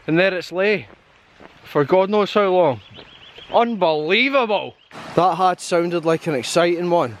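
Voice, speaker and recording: A young Scottish hiking vlogger chats and tells stories out on a hill trail, laughing often. His voice is high-pitched and expressive, with a measured pace. There's a little hiss or hum in the audio.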